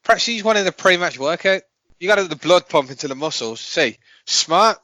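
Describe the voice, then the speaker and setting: A man's voice: high-pitched, lively intonation, normal speed, bright, forceful tone, dry recording, low-quality recording. A man co-hosting a podcast, blunt and emphatic in his opinions. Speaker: podcast co-host. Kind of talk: casual podcast chat.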